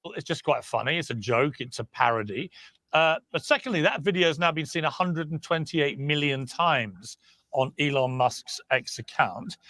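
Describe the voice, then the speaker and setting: A man with a British accent moderating a live TV debate, brisk and cutting in. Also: fairly high pitch, animated, pushed and bright, no echo. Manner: interrupting, brisk. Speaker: talk show host.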